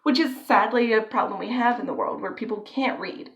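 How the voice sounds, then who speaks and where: A young woman vlogger rambles through a story in a somewhat high voice, talking a little fast. Her speech is packed with fillers, especially a constant "like."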